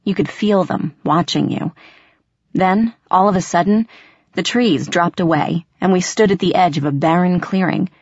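A woman reading a first-person fantasy audiobook in steady, measured storytelling narration. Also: lowish voice, slightly rough, dry recording, highs cut off.

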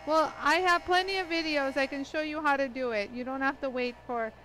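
A woman's voice: sits high, brisk, fairly bright tone, slight background noise, rough recording. A woman hosting a live product demonstration, chatty and laughing often as she greets viewers by name. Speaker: livestream demo host.

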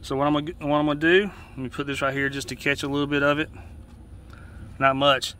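A man from Georgia with a Southern accent, a fishing guide giving a casual step-by-step how-to demonstration outdoors, folksy and relaxed, often restarting his phrases. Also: on the high side, quick pace. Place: outdoors beside a boat. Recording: faint outdoor noise.

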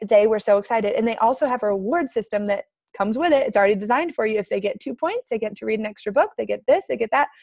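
Brief: thirties woman coach, higher voice, dry close sound, fired-up and emphatic on a video call. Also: gravelly, no room sound. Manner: energetic, emphatic, rallying. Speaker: team coach leader. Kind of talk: motivational team call.

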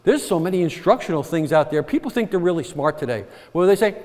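A man preaching a sermon in a fairly high voice. He is earnest and circles back over his points, often turning to the congregation for agreement. His words trail off into a long reverb, as in a big church sanctuary. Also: lively intonation, quick pace, a little mellow. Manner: earnest, repetitive, asks the congregation "right?". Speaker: pastor.

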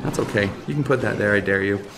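A man giving excitable live commentary on his own mobile game matches, talking to viewers and taunting his opponent. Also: fairly low pitch, quick pace, music in the background. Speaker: gaming YouTuber.

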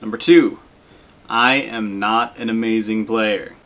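A man's voice: on the low side, takes it slowly. A young man giving casual, self-deprecating commentary over gameplay as a gaming video host. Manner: relaxed, self-deprecating, frequent fillers.

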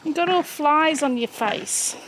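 A woman's voice: sits high, a little slow, background noise. An Australian woman vlogging casually, chatting and chiding her horse with a laugh. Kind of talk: casual vlog chat. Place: outdoors at home with a horse, then indoors.

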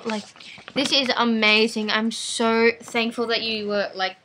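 A woman casually chatting through an unboxing at home, gushing and excitable, rambling with lots of fillers. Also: mid-range voice, a little hiss or hum. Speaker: vlogger unboxing a package.

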